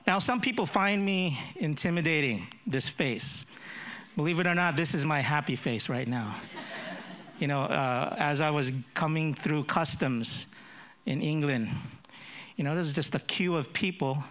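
An associate pastor in his 50s from the Philippines, whose Filipino accent was shaped by growing up in America, leads prayer from the pulpit and tells self-deprecating jokes as a humorous introduction to his sermon, often repeating words as he starts. His voice is on the high side, unhurried and fairly bright.

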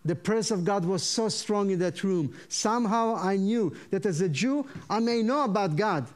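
A man from Israel, preaching his testimony in an animated way and acting out the voices in his story. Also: high voice, normal speed. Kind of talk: sermon testimony.

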